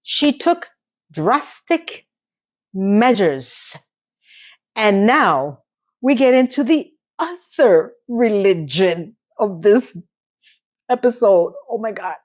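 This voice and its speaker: A woman giving a casual, animated recap of a TV episode, telling the story with voiced quotes. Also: medium pitch, slow, long pauses, dull audio. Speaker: TV recap vlogger.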